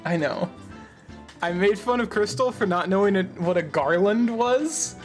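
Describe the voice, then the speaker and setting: A young man reads a visual novel out loud, then drifts into loose banter full of laughs and swearing. His pitch swings a lot as he talks, with faint music underneath. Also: animated, a little slow. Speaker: audiobook reader. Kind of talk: reading a visual novel aloud with casual chat.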